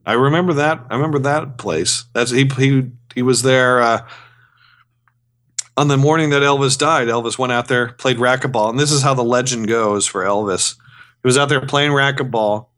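A man's voice: medium pitch, normal speed, fairly bright tone. A man on a podcast spins a legend in a casual storytelling way. His voice sits in a plain middle range, easy and conversational. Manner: storyteller, builds up a tale with a punchline. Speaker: podcast co-host.

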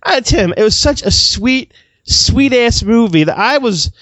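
A man co-hosting a casual movie review podcast, excitable and gushing, swearing freely. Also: extremely high pitch, measured pace, no echo, highs cut off. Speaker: podcast co-host.

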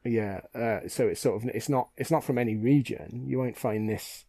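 A man's voice: mid-range voice, normal speed, warm tone, husky, no echo. Chatty British man, dry close sound. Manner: chatty, enthusiastic, trails off and restarts often. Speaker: podcast co-host. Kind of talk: casual chat.

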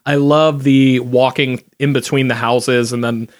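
A man's voice: medium pitch, level tone, a little slow, no room sound, studio quality. A man on a casual podcast panel, chatting in a rambling way with fillers and frequent chuckles.

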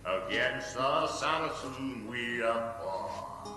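Medieval minstrel, very slow singing, roomy hall, guitar-like strings. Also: male voice, medium pitch, expressive. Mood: solemn. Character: medieval male minstrel singing a crusade song. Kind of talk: sung with lute.

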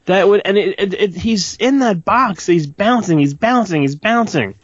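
A fairly high-voiced man chimes in with agreement and jokes in a lively, swinging delivery. The recording is dry and slightly dull. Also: normal speed, no room sound. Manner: agreeable, joking, sighs and laughs. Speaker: podcast co-host. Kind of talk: casual chat about a film.

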